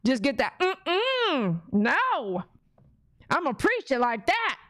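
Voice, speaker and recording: A woman holds forth to her livestream chat in a slightly high voice, emphatic and preachy. She punctuates her points with hummed "mm-mm"s. The sound is close and dry, with no room around it. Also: wildly swooping pitch, slow pace, a bit bright, dry recording. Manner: emphatic and preachy, with frequent "mm-mm" hums. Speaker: livestream host reading viewer chat.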